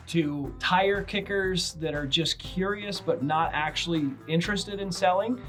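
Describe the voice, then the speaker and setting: A man with a fairly high voice coaching his viewers through cold calling, brisk and direct. He acts out both sides of sample phone calls as he goes. A faint music bed plays under him. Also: fairly bright tone. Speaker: real estate investor teaching cold calling. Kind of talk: instructional talk to camera.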